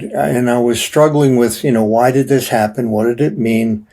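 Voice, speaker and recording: Slow, gravelly older man, halting. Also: medium pitch, mellow. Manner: halting, many restarts and fillers. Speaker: guest telling his near-death story. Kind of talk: personal storytelling in an interview.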